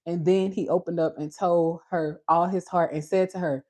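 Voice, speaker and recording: A woman with a Caribbean Creole accent hosting a casual, animated Bible talk, with a husky voice and frequent laughter. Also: on the low side, moderate pace. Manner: animated, preachy, laughs often. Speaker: beauty channel host.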